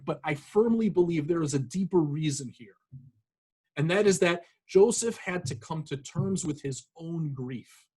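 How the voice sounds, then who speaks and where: Husky high-voiced rabbi preaching. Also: male voice, warm tone. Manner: reflective, earnest, with many fillers and restarts. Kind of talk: sermon with scripture reading.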